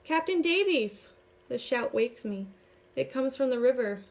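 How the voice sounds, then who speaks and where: A woman teacher reading a novel aloud to her class, expressive, giving the characters their own voices. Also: fairly high pitch, moderate pace, gravelly. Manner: expressive storytelling, voicing the dialogue.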